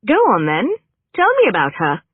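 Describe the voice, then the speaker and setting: A narrator voicing a sharp-tongued young actress woman who answers with quick, indignant retorts. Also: medium pitch, huge pitch swings, husky, dry recording. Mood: eager. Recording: narrow phone-like band, dry.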